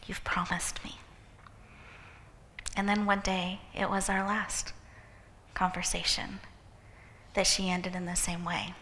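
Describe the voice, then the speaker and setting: A woman hosting an event, giving an inspirational talk with a gentle, encouraging guided visualization. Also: lowish voice, little pitch movement, measured pace, pauses often, a little hiss or hum. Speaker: event host and speaker. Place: event hall with live audience. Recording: echoey hall reverb.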